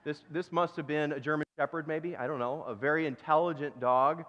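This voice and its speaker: A man's voice: fairly high pitch, steady tone, a little fast. Conversational male pastor in a reverberant hall. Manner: conversational, self-deprecating, with restarts. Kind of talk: sermon with storytelling. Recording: dull recording with long church reverb.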